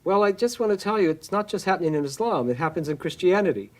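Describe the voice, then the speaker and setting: A man with a slightly raised pitch talks reflectively in an interview. He often stops, restarts and fills gaps with ums and uhs. His speech sounds unhurried and considered. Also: lively intonation, a little mellow. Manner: thoughtful, hesitant, many fillers and restarts.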